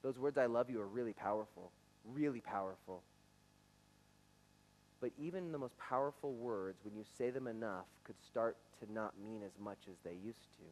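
In a church sanctuary, a pastor in his forties delivers a conversational, earnest sermon to his congregation, occasionally stumbling and restarting his words. His voice is lowish and his pace moderate, captured on a low-quality recording.

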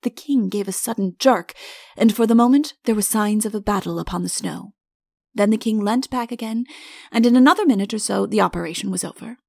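A woman's voice: medium pitch, a little fast, gravelly, darkish tone, no room sound, studio quality. A woman narrating a storybook audiobook and acting out the characters in turn. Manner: acts out each character. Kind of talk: storybook reading with character voices.

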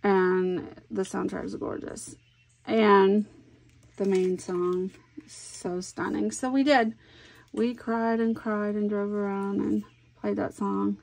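A middle-aged woman talks unhurriedly as she crafts, thinking aloud and musing to herself. Her voice sits at a middling pitch and carries a gravelly fry. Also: little pitch movement, slow, darkish tone. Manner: chatty, thinks aloud while working. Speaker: scrapbooking crafter. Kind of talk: casual crafting vlog talk.

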